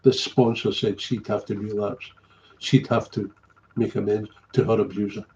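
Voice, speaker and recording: A man's voice: fairly low pitch, level tone, moderate pace, darkish tone, dull audio, slight background noise. A middle-aged man, telling a candid story as a recovery sponsor, blunt and swearing freely, often trailing off and repeating himself.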